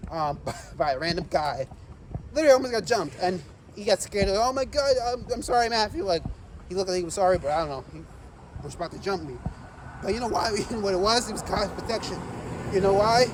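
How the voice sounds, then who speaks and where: A man vlogging while walking outdoors, rambling and repeating himself excitedly and a little out of breath. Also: high voice, distant mic. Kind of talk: casual walking vlog. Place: outdoors on city streets, walking. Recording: street noise behind the voice. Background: traffic and street noise.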